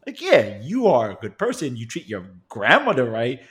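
A young man tells a story on a casual podcast, his pitch swinging widely as he gets worked up. He swears freely and breaks into laughter mid-sentence. His voice sits in an ordinary middle register. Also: moderate pace. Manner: profane, animated, laughs while telling. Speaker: podcast co-host.

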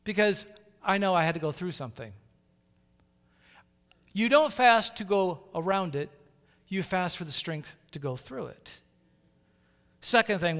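High-voiced, animated guest preacher. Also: male voice. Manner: animated, acts out inner voices, asks the crowd questions. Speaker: guest pastor. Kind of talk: sermon. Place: church hall. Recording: long hall reverb.

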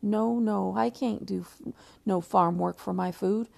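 A woman's voice: mid-range voice, steady tone, unhurried, gravelly, darkish tone. A woman reading aloud the lines of a whiny male tramp begging for food.

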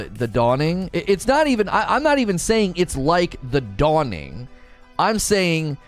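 A man live-streaming and chatting casually about a game, rambling and often repeating his words, into a desk mic run through a mixer. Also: on the high side. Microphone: desk mic through mixer and preamp.

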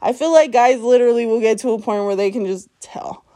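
A woman's voice: on the high side, a little fast, warm tone. A woman hosting her own podcast, ranting bluntly and profanely at her listeners, scolding them and laughing between lines. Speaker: podcast host. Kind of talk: solo podcast rant.

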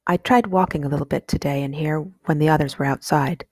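A sickly young boy, serious and calm, as a woman reads him in a storybook. The voice is husky and low. The recording is dry. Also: a little fast, no echo. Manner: serious, thoughtful.

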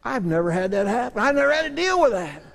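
A man's voice: very high-pitched, sing-song, quick pace, gravelly, a faint crowd. A middle-aged man, a pastor, preaching a sermon in a church sanctuary, telling stories in an earnest, self-deprecating way. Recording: long hall reverb.

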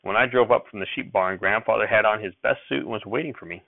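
A man reads a novel aloud in a steady, even narration, his voice gravelly and mid-pitched, now and then tripping and correcting himself. The recording is dry and thin, like a phone line. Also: fast talker, few pauses, no room sound. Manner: steady narration with small slips and self-corrections. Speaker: reader.

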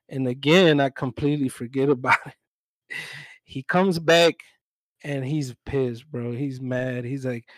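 A man's voice: mid-range voice, normal speed, no room sound, poor audio. Laid-back young man telling a work story. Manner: relaxed, swears freely, acts out both sides of his stories. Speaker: podcast co-host. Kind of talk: casual storytelling chat. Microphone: own mic, remote call.

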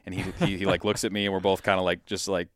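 A man from Michigan telling a hunting story in a casual, animated way, acting out what people said. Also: low voice, fast talker, no echo, clean studio sound. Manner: animated, acts out quotes in his story. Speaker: podcast guest, hunter.

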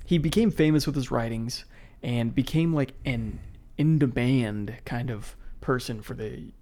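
A man co-hosting a casual podcast, relaxed as he reads out history facts and then riffs on them. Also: mid-range voice, measured pace. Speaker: podcast co-host presenting history.

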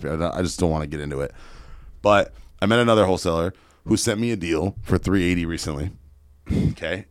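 A man telling a story in a casual podcast chat, animated and swearing freely. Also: low voice, clear, resonant tone, no echo, clean studio sound. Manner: fast, profane, animated storyteller. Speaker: podcast guest, real estate investor.

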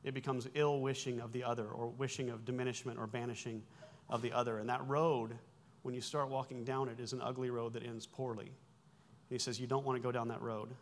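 A man's voice: medium pitch, flat delivery, fairly quick, few pauses, slight background noise. Man in his forties preaching a sermon. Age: 40s. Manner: explanatory and conversational, with self-corrections and wry asides. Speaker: pastor.

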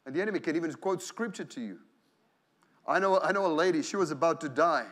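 A man with a high-pitched voice preaches a sermon from a church pulpit. He is animated and acts out prayers and inner thoughts in different voices. His phrases often stumble, repeat and restart. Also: quick pace. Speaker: pastor.

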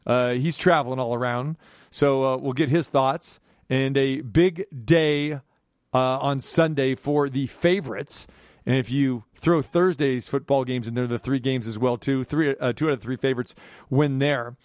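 A man hosting a sports talk radio show, delivering an animated, rambling monologue from a studio. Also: medium pitch, a little slow, no echo.

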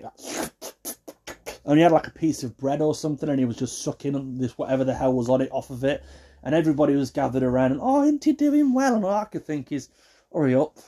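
A man ranting in a comic, exasperated way, jumping between hushed asides and loud outbursts. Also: medium pitch. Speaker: vlogger. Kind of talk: comic rant to camera.

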